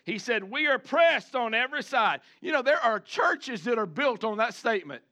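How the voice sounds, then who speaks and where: A man preaching a sermon, animated, switching between chatty asides and loud shouted lines, acting out the people he quotes. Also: very high-pitched, moderate pace. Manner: acts out the congregation and the people he quotes. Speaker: pastor.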